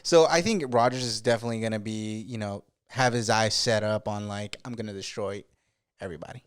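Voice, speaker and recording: A man co-hosting a podcast, talking football in a relaxed way and laughing often. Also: on the low side, fairly quick, smooth. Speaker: podcast co-host. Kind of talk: casual sports chat.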